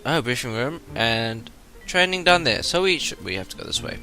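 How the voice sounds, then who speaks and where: Chatty Namibian-accented gaming host. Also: male voice, medium pitch, big pitch swings, normal speed, sharp tone, faint music behind. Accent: Namibian English. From half British, Namibian English speaker. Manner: chatty, rambling, self-interrupting. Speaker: let's play host. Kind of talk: casual gameplay commentary.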